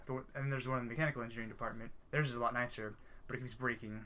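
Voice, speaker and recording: A man's voice: medium pitch, fairly even intonation, very fast, bright, forceful tone, a little hiss or hum. A man in his twenties co-hosting a casual podcast, rambling and hesitant, often starting a thought over. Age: 20s. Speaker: podcast co-host. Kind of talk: casual chat.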